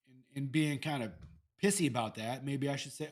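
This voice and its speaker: A man's voice: medium pitch, a little fast. A man hosts a solo podcast in a candid, conversational way. He swears freely and often restarts his sentences as he thinks aloud. His voice sits in a mid range. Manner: candid, profane, rambling with restarts. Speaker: podcast host. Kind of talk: casual solo podcast talk. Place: Iowa.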